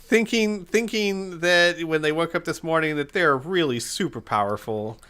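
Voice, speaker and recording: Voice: mid-range voice, normal speed, fairly bright tone. A game master running a tabletop game, laid-back and often giggling.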